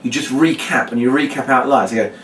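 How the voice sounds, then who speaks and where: A man, a children's magician, demonstrating a trick step by step and acting out his patter with a brighter voice. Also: quick pace, slight background noise. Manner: explains step by step, then acts out his patter in a bright, higher voice. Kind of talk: demonstration lesson. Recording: echoey room, mic at a distance.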